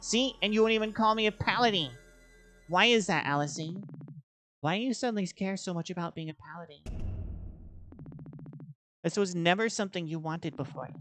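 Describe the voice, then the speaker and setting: Brief: a woman playing an insecure girl paladin, hurt and defensive, lowish voice. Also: slight background noise, natural voice. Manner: emotional, defensive. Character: insecure young woman paladin, self-doubting.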